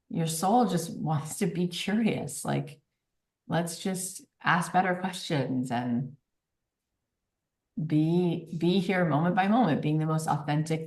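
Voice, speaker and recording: A woman with a low voice talks earnestly and warmly in casual conversation, gushing a little and leaning on fillers. Her voice rings with the echo of the room around her. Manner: earnest and effusive, with frequent fillers. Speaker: guest, author and podcast host. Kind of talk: casual interview talk.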